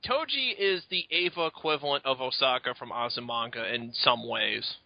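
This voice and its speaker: A man co-hosting a podcast in casual chat, animated and laughing often, with stumbling restarts. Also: medium pitch, normal speed, creaky, no room sound, dull audio. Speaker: podcast co-host.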